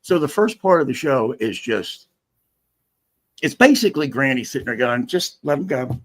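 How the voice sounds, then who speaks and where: A man's voice: mid-range voice, animated, moderate pace. A man chatting as a guest on a livestream, profane and joking, rambling through stories. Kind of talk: casual livestream chat.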